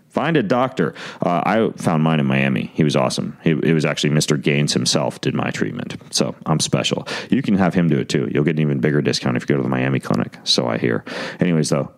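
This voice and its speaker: A man hosting his podcast, reading sponsor ads in a joking, rambling way. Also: very deep voice. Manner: joking, rambling, self-mocking. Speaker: podcast host. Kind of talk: casual ad read.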